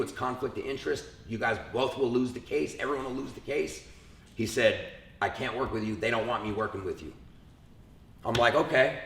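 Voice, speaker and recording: A young man speaking casually in an interview, retelling events in a lively way, acting out the people he quotes, with lots of profanity. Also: medium pitch, creaky, reverberant. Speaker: interview guest.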